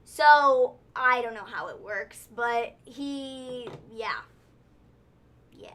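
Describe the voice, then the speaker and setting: Woman co-host, high bright voice, rambling casual recap talk. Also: drawn-out words, a little hiss or hum. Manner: rambling, lots of "like" and "so". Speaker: podcast co-host. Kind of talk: casual wrestling recap chat.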